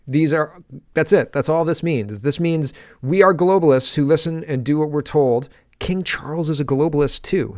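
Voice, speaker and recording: A man's voice: medium pitch, dry recording, studio quality. A man hosting a political commentary show, talking in a rambling, sarcastic monologue with frequent laughs.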